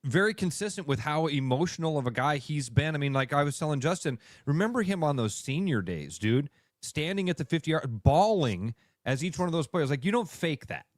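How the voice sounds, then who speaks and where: A man's voice: on the high side, expressive, brisk, dry recording, studio quality. A man co-hosting a sports radio show, chatting casually and agreeably with his partner. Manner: chatty, agreeable, calls the host by name.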